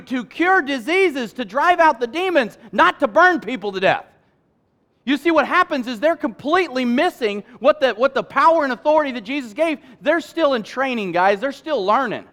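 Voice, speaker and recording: A man preaching a sermon as pastor, joking with the congregation and swinging between loud emphasis and quiet asides. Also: very high-pitched, expressive, normal speed.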